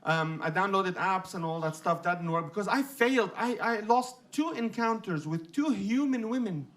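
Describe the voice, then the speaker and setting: A man's voice: high voice, lively intonation, moderate pace, a bit bright. A man from Lebanon doing a stand-up comedy set, punchy and self-deprecating, on a stage microphone. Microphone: handheld stage microphone.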